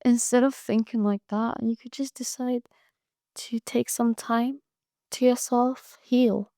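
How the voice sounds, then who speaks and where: A woman hosts her own podcast in a blunt, profane monologue of tough love. Her voice carries a gravelly, creaky edge. The sound is dry and close, with no room around it. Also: fairly high pitch, steady tone, slow pace, mellow, no room sound. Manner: tough-love pep talk. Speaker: podcast host. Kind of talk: casual monologue.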